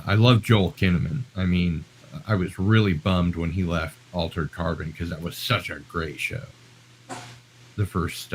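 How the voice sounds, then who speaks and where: A man's voice: sits low, slight background noise, poor audio. An American man live-streaming, talking in a chatty, rambling, self-deprecating way. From United States. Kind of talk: casual live-stream chat.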